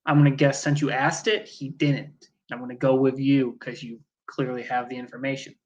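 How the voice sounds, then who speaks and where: A man's voice: mid-range voice, level tone, moderate pace, muffled recording. A man co-hosting a fantasy football podcast, joking and blunt in casual chat, swearing freely. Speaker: podcast co-host.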